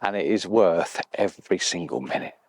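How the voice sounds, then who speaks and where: A man's voice: deep voice, expressive, normal speed, darkish tone, no echo. A man filming an outdoor photography vlog beside a loch, talking enthusiastically and at times dropping to a whisper. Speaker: landscape photographer.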